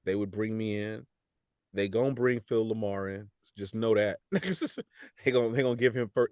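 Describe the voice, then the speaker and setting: Male voice actor guest, low and relaxed, animated slangy talk, dry close mic. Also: normal speed, clean tone, no echo. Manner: animated, laughs often, slangy, repeats words. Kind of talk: casual podcast interview.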